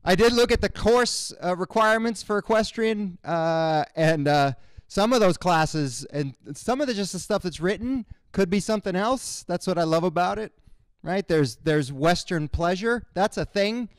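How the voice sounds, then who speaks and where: A male stand-up comedian doing a playful, mock-puzzled bit, slipping into quick put-on voices. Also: high-pitched, lively intonation, smooth, no echo.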